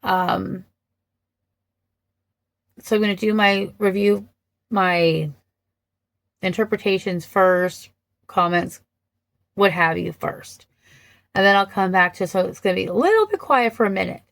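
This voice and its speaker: A woman whose mid-range voice is a bit bright but gravelly offers casual commentary as a vlogger, slowly comparing versions of a film. She stops frequently to gather her thoughts, with many ums and restarts, and there's no echo or room sound.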